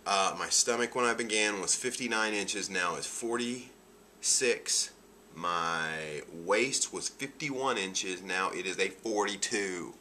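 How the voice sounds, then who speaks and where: Nasal low-voiced man. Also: sharp tone, slight background noise. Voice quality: nasal from allergies. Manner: chatty, upbeat, laughs often. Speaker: vlogger. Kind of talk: casual video diary.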